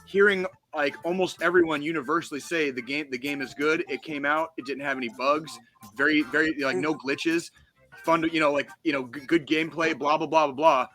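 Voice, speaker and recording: Man, podcast co-host, bright forceful tone, fast swearing rants, music faint behind. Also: on the high side, steady tone. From United States. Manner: profane, heated ranting. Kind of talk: casual podcast chat.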